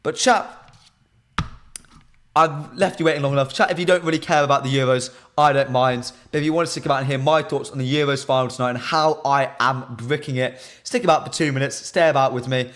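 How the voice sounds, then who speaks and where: A young British man hosting a live stream, chatting casually and answering viewers' comments in lively banter. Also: medium pitch. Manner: animated, reads chat comments aloud and banters with viewers.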